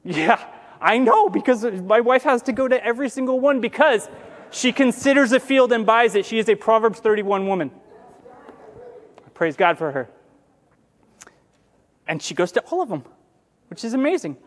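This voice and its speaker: A man with a strikingly high voice preaches a sermon in a loose, conversational way, full of jokes and asides. He slows down and lifts his voice when he reads scripture aloud. The sound carries a long reverb, as if it were recorded in a large sanctuary. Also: expressive. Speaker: pastor.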